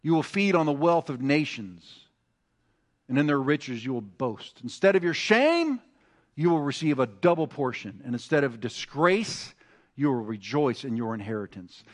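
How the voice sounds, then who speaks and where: A male pastor preaching a sermon, moving from quiet, conversational asides to rising, emphatic exhortation, with frequent restarts. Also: medium pitch, very animated, moderate pace.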